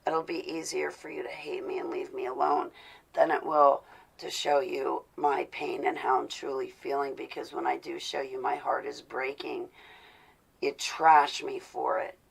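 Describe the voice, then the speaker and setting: A woman's voice: very deep voice, flat delivery, a little slow, vocal fry, breathy edge, rough recording. A woman talking to her live-stream viewers, confessional and intense, growing indignant as she talks. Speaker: vlogger speaking to live viewers. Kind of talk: casual live-stream talk.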